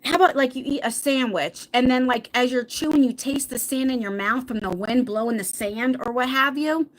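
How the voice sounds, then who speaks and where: A woman's voice: high voice, moderate pace. A middle-aged woman hosting a casual livestream chat, reading viewer comments, laughing often and stumbling over words.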